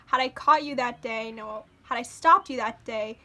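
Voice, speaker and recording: With music playing in the background, a young woman reacts to an album for the first time in a casual vlog. She gets visibly emotional, gushing and exclaiming as she goes, in a high-leaning, bright, forceful voice at a moderate pace.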